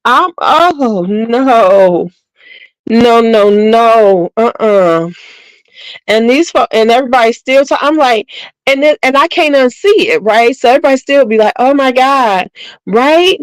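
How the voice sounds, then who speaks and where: A woman's voice: on the high side, expressive, measured pace, dry recording, low-quality recording. A middle-aged woman hosting her channel, chatting casually and bluntly with viewers in a gossiping, slangy way. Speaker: beauty channel host.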